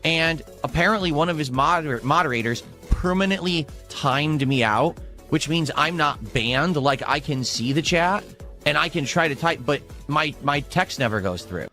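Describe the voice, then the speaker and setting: A man's voice: fairly high pitch, lively intonation, moderate pace, sharp tone, soft background music. A man recounting a grievance on stream in an aggrieved tone, repeatedly checking in with "okay?".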